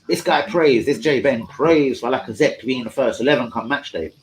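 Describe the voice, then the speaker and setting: A man's voice: medium pitch, a little fast, slight background noise, low-quality recording. A young man hosting a live fan stream, profane, combative and mocking as he talks to his chat. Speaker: fan channel host. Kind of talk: live-stream football rant.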